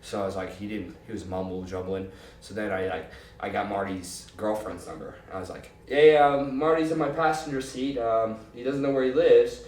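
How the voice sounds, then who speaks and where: A man telling a long, profane, animated story in a casual interview, quoting people as he goes. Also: on the low side, moderate pace, far from the mic, a little hiss or hum. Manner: profane, animated anecdote with quoted voices. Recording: roomy, off-mic with faint ambience.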